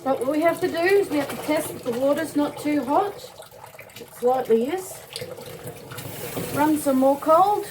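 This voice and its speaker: A woman's voice: normal speed, pauses often, noisy background. A woman casually narrating a how-to video while washing her dog outdoors. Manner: chatty, talks to her dog in a very high excited voice. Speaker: vlogger showing how to bathe a dog.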